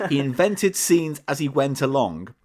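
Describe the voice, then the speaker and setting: A man co-hosts a comedy podcast, reading passages aloud from a book. His delivery bounces through a wide, animated pitch range. He breaks off for deadpan digs at his partner. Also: unhurried. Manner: reads aloud from a book, teasing and deadpan asides. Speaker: podcast co-host reading a story. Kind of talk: comic podcast banter.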